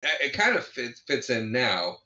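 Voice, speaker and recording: A man's voice: medium pitch, very animated, normal speed, bright, forceful tone, dull audio. A man co-hosting a podcast, casually recapping a film scene by scene, with many restarts. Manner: retells scenes with frequent restarts and laughter. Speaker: podcast co-host. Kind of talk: casual movie review chat.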